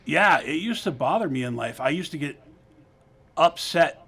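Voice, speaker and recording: Low-key male producer chatting. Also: moderate pace, husky. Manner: low-key, candid, relaxed. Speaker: show producer. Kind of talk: casual chat.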